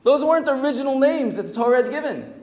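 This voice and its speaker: A man, a rabbi, teaching a Torah class in a lively, animated way and acting out the quoted voices. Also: extremely high pitch, racing. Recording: echoey hall with long reverb.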